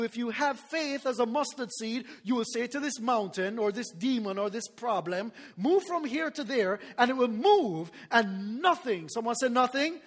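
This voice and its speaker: A man preaching a sermon as pastor, animated, laughing often and calling for responses from the congregation. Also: high-pitched, long reverb tail.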